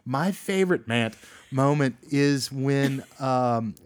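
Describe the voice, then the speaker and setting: A man's voice: medium pitch, slow pace, dry recording. A man co-hosting a casual movie podcast, chatty and enthusiastic, laughing often. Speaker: podcast co-host.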